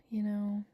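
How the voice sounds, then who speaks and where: A gaming channel host with a mid-range, dark-toned voice records on a home voice-over mic. She plays a life-simulation game, casually chatting and cooing at her characters throughout.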